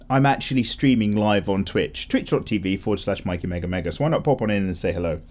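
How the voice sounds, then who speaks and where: A young man hosting a relaxed drawing vlog, chatting casually and rambling with frequent self-corrections. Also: fairly low pitch, fast talker, hardly any pauses. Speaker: art channel host. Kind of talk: casual chat while drawing.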